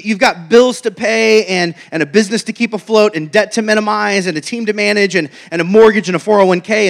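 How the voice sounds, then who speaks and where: High-voiced joking preacher man. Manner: chatty, joking storyteller.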